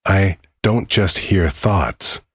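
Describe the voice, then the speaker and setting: Man voicing a hushed, otherworldly little girl in a storybook, low voice, husky, soft and sure of herself, with no room sound around it. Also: extremely slow, no echo, studio quality, heavily acted. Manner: quiet, soft-spoken and certain. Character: calm mysterious little girl who hears the dead.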